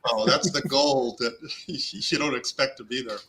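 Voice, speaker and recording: A man's voice: mid-range voice, fairly even intonation, normal speed, background noise. A man moderating a casual chat, teasing and joking with a laugh.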